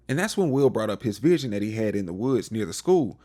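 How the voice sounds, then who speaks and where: Animated man recapping a TV show. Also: fairly low pitch, a little fast, few pauses. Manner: animated storyteller, acts out characters' lines with playful slang. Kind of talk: casual TV recap commentary.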